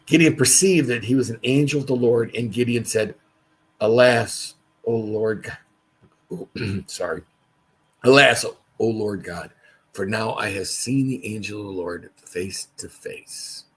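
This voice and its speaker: A man with a low, slightly husky voice leads a relaxed Bible study on a livestream. He reads passages aloud and stops for conversational side comments. The sound comes from a computer mic. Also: measured pace, poor audio.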